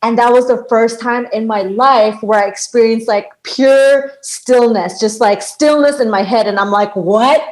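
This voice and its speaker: Woman guest, 30s, from Bangladesh, slightly high voice, easygoing chat, laughs a lot. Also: steady tone, normal speed, few pauses, poor audio. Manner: chatty, laughs often, lots of "like". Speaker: podcast guest, sound healer. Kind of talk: casual conversation.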